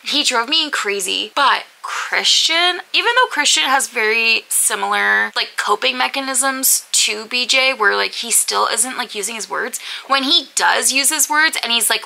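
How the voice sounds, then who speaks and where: A young woman reviewing books in a casual vlog, rambling and animated, with frequent "like" fillers. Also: a little high, unhurried, vocal fry, few pauses, rough recording. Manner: animated, rambling, heavy use of "like". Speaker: book vlogger.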